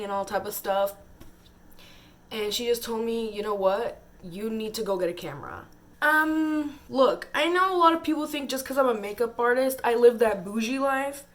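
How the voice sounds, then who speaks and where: A young woman vlogging an emotional, exasperated rant, tired and laughing through her frustration. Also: on the high side. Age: young adult.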